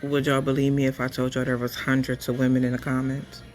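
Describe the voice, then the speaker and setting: A man's voice: mid-range voice, monotone, quick pace. A man telling a story in reaction commentary, sounding incredulous.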